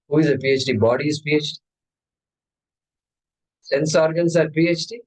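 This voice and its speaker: A man's voice: fairly high pitch, moderate pace, long pauses, rough recording. A man giving a spiritual discourse as teacher, asking his listeners question after question. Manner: questioning, animated. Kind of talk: Vedanta discourse.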